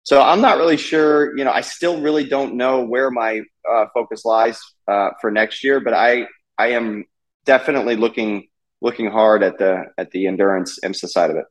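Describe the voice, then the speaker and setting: A man's voice: medium pitch, steady tone, moderate pace, rough recording. A man in his thirties, a race car driver, chatting casually in an interview with many fillers and restarts.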